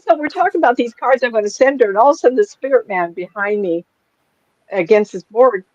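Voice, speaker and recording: A woman's voice: fairly high pitch, animated, brisk, a little mellow, no room sound. A woman in her sixties, a psychic medium, talking casually to a small group in a rambling, chatty way that is full of laughs. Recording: dull, lo-fi and dry.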